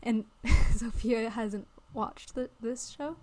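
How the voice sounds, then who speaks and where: A chatty young woman co-hosting a casual podcast, her voice sitting a little high. She rambles happily, peppering her sentences with "like" and "um", and laughs easily as she talks. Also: steady tone, takes it slowly, darkish tone. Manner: chatty, laughs often, many likes and ums. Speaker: podcast co-host. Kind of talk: casual chat.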